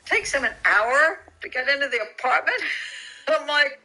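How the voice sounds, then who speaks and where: A woman's voice: high voice, sing-song, unhurried, pushed and bright, soft background music, poor audio. A woman giving casual commentary on a criminal case, reading from documents and thinking aloud with many restarts, incredulous and sarcastic. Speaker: true crime commentator.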